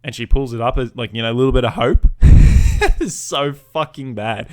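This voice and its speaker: In a medium-pitched, steady voice that runs a little fast and a little mellow, a podcast host rants into his mic with swagger and plenty of swearing. He sounds mocking and self-assured, like he's relishing a customer story. The recording is close and dry, with almost no room sound.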